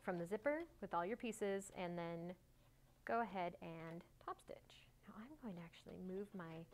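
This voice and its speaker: A woman hosting a sewing tutorial, talking casually and cheerfully through each step, joking at herself and breaking into little bursts of excitement. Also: on the low side, moderate pace. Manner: chatty, self-mocking, bursts of excitement.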